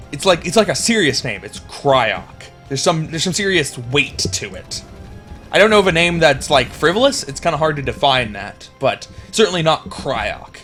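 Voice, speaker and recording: Chatty young man casting a game. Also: a little high. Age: young adult. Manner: rambling, chatty, excitable at plays. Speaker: game caster. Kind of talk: casual esports commentary.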